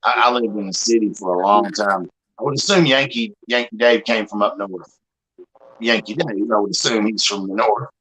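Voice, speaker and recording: A man's voice: lowish voice, normal speed, a bit bright, husky, low-quality recording. A man with a Southern accent chatting casually on a group livestream, rambling and folksy, swearing freely.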